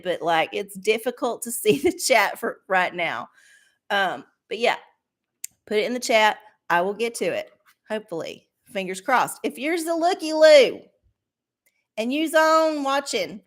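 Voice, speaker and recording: Woman, livestream host, profane sarcastic rants, slightly high voice. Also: a bit bright. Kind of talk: casual livestream chat.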